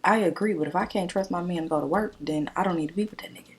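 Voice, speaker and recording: A young woman with a low, husky voice tells a dating story while putting on her makeup. Her delivery is blunt and animated, and she swears freely. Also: very fast. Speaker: beauty vlogger. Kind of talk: casual storytime chat while doing makeup.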